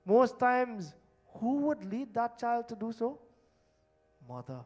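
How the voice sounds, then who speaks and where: Male preacher, high voice, emphatic sermon delivery with hushed endings. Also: big pitch swings, slow pace. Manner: emphatic, swinging between loud stresses and hushed low endings. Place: temple hall.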